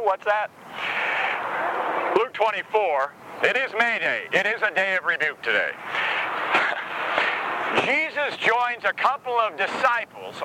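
A man with a high voice delivers a sermon in a wry, sarcastic tone, peppering it with rhetorical questions. His delivery swings between low, dry asides and raised, emphatic lines. Steady outdoor traffic noise runs under the recording. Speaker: pastor.

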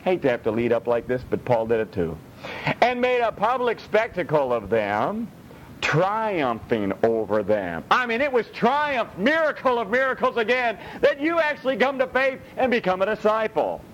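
Blunt, animated male preacher. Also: moderate pace. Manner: blunt, animated, swings between high and low. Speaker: pastor. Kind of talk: sermon. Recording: dull lo-fi with faint rumble.

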